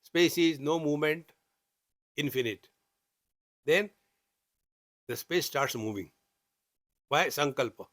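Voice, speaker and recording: A man's voice: on the high side, slow, long pauses, fairly bright tone, dry recording, clean studio sound. A man with an Indian English accent teaching scripture, chanting Sanskrit verses and explaining them with humor. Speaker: spiritual teacher. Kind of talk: scripture discourse.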